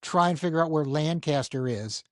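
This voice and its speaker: A man with a Philadelphia accent talks sports on a casual podcast panel. His voice is a touch high and dry on the mic. He argues in looping, rambling sentences. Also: normal speed, dry recording.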